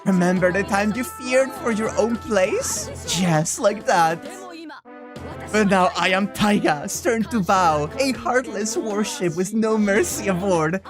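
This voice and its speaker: A woman's voice: mid-range voice, slow, music in the background, lightly acted. A woman reading visual novel dialogue aloud and voicing a stern, boisterous female teacher with grandiose, theatrical proclamations.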